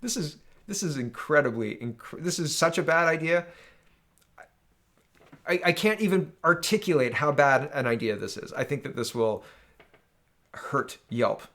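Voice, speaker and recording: A man's voice: on the high side, lively intonation, measured pace, long pauses, a bit bright. A man from Canada giving solo political opinion commentary, exasperated and ranting, often tagging his points with "right?".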